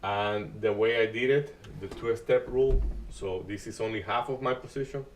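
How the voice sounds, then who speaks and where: A man hosting a live day-trading stream, talking through market moves in a halting way with many restarts and uneven grammar. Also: lowish voice, far from the mic, slight background noise. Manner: halting, restarts often, non-native grammar.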